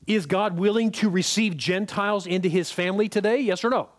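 A high-voiced man preaches a little fast, keeping his sermon easygoing and conversational. He regularly checks whether the congregation is with him and uses repetition to stress key points.

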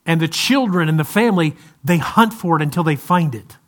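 A man with a fairly high-pitched voice preaches to his congregation. His delivery is loose and conversational, with light humor and frequent restarts. His service is also streamed to viewers at home. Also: animated, fairly quick. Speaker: pastor. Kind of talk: sermon.

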